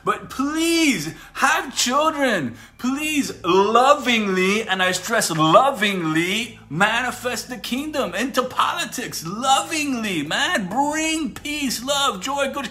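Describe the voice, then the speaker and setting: A man's voice: very high-pitched, lively intonation, measured pace, hardly any pauses, sharp tone. A man preaching casually on a livestream, fervent and repetitive, calling his viewers "man" and "guys" and laughing between points. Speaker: Christian preacher.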